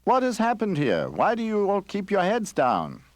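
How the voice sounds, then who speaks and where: A man voicing an old wandering male bear in a storybook game who talks loudly and plainly. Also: fairly low pitch, very animated, brisk, no room sound. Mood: puzzled.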